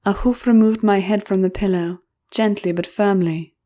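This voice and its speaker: A woman narrating an audiobook in the first person, her voice in an ordinary middle register. She tells the story in a measured, expressive way. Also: mid-range voice.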